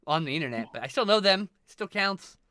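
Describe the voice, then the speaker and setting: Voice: medium pitch, lively intonation, quick pace, no room sound, clean studio sound. A live streamer chatting casually with viewers, thanking them and swearing freely. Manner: greets and thanks viewers warmly.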